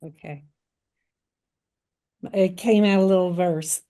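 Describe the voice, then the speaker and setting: A woman doctor reading her own short verse aloud on a group video call, measured and careful. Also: fairly low pitch, dark tone, far from the mic. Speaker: doctor taking part in a group.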